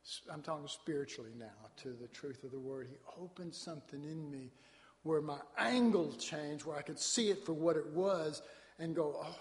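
A man's voice: fairly high pitch, moderate pace. A man from Dallas, Texas, preaching a sermon in a folksy, storytelling way with colloquial asides. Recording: long hall reverb.

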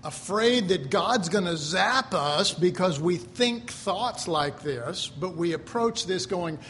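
A man's voice: sits high, expressive, slow, a bit bright, a little hiss or hum. A male pastor preaching a sermon in a folksy, conversational way, telling stories and acting out voices. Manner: acts out quoted voices.

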